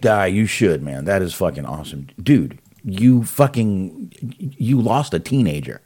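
A man with a deep, low voice co-hosts a podcast over a video call. He talks loosely and profanely, wanders between thoughts and fills the gaps with "um" and "uh.". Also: big pitch swings, a little fast, a little mellow, breathy edge. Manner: loose and profane, rambling with fillers. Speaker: podcast co-host. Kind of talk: casual chat.

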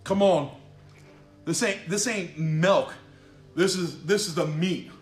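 A man's voice: fairly high pitch, slow pace. A man preaching a fiery, emphatic sermon, repeating phrases and calling out "come on" as he builds his points. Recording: echoey room with faint music behind.

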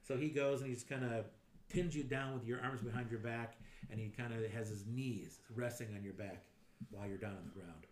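A man leads a tabletop game as its game master, narrating every swing and miss with gusto and tossing in his own sound effects. His voice is mid-pitched and sits in a roomy, echoing space. A faint hiss runs under the recording. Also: a little fast. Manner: animated, acts out sound effects and blurts out enemy lines. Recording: roomy echo, faint noise.

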